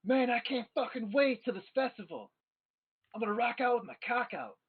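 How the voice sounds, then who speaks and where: A man voicing a rowdy male tavern patron who yells crude boasts. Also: extremely high pitch, very animated, moderate pace, breathy edge, voice pushed up, full character voice. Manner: yelling, crude. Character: rowdy young male festival-goer in a hat. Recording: tinny phone-like audio from a distance.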